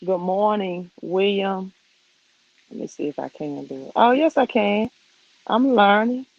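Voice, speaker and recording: Chatty Southern woman host with a Mississippi accent and a creaky voice, streaming live outdoors from her phone with muffled, dry sound. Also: medium pitch, lively intonation, unhurried, a little mellow. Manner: chatty, loose and conversational, greeting viewers as she goes. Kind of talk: casual live-stream chat.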